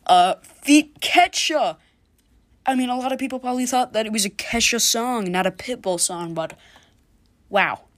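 A woman's voice: fairly high pitch, a little fast, a bit bright, dry recording. Woman, solo comedy podcaster, sarcastic and sweary, dry close sound. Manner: sarcastic, profane, jokey. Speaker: podcast host. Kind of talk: casual comedic monologue.

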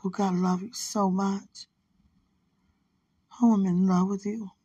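A woman leaving a soft, rambling, affectionate voice message while lying in bed at night, with her phone held close to her mouth. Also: medium pitch, level tone, takes it slowly, breathy edge, no room sound. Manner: soft, hushed, rambling and affectionate, often religious. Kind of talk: intimate late-night voice message.

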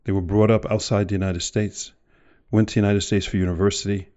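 Male podcast host, motivational talk, low warm voice, rhetorical questions, muffled lo-fi recording. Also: flat delivery. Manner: rhetorical questions, drawn-out emphasis. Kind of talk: motivational monologue.

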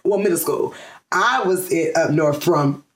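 This Georgia-born American woman speaks low and at a measured pace as an interview guest. She chats casually, rambling with lots of fillers and false starts and frequent laughter, in a room with noticeable echo.

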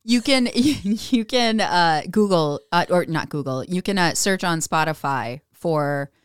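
A woman's voice: on the low side, measured pace, clear, resonant tone, no room sound, studio quality. A woman co-hosting a podcast in casual chat, easygoing and hesitant, with plenty of fillers. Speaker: podcast co-host.

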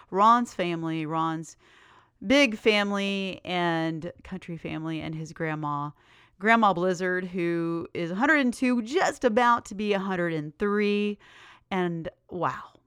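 A woman's voice: lowish voice, fairly bright tone, clear, resonant tone, no echo, clean studio sound. A woman hosting her own podcast in a bubbly, enthusiastic, chatty way. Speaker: podcast host. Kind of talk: casual solo podcast chat.

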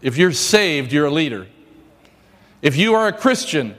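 A male pastor giving a sermon in a church, joking and telling stories in a lively way. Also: sits high, normal speed, big-room sound.

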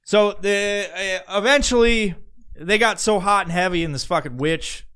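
A man's voice: high-pitched, moderate pace, fairly bright tone, smooth. A man hosting a podcast, telling history in a profane, rambling, joking way. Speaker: podcast host. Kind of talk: casual storytelling.

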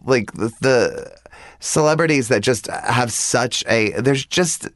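A man chatting casually and telling animated stories, acting out the people he quotes. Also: mid-range voice, takes it slowly, no room sound, studio quality. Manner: animated storyteller, quoting others. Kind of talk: casual storytelling chat.

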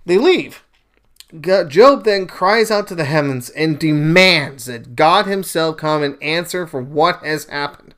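Here a podcast host with a clean, rather high voice and a measured pace retells a scripture passage informally, adding his views. He's emphatic and lively, acting out whoever he's quoting, and chats along with plenty of asides and filler words.

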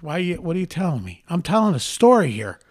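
A man's voice: on the high side, quick pace. A man co-hosting a casual talk show, telling stories and cracking jokes. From Central New York. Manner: joking, storytelling, lively. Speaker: co-host. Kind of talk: casual chat.

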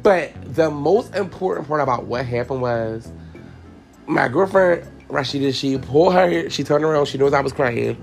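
Candid male podcast host with a raspy, fry-heavy voice, talking casually and profanely to his listeners. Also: medium pitch, lively intonation, moderate pace, faint music behind. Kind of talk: casual personal storytelling.

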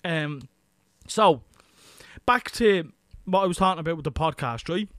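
A man's voice: a little high, expressive, unhurried, a bit bright, dry recording, studio quality. An Irish man hosting a podcast, talking casually and crudely with lots of swearing. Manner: crude, swearing, chatty and matter-of-fact. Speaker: podcast host. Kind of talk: casual solo podcast monologue.

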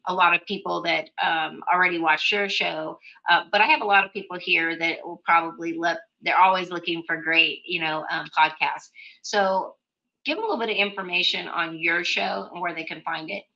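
Bright-voiced chatty woman host. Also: medium pitch, creaky. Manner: chatty, reads listener questions, laughs easily. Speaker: radio show host. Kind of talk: casual chat. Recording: dull lo-fi audio.

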